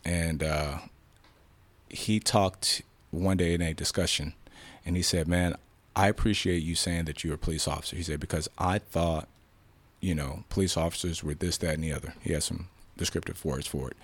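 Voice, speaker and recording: A man's voice: sits low, normal speed, husky, no room sound. A man, a police sergeant, telling his story candidly in an interview and acting out the dialogue as he goes. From South Side of Chicago. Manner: animated retelling with quoted dialogue, frequent restarts.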